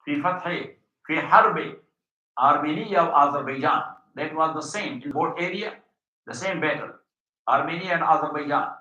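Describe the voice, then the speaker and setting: A man giving a classroom lecture on religion, explaining slowly, often checking his students follow and reciting Arabic passages quickly. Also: on the high side, pushed and bright. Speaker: religious teacher. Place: mosque hall. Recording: dull, echoey mosque hall.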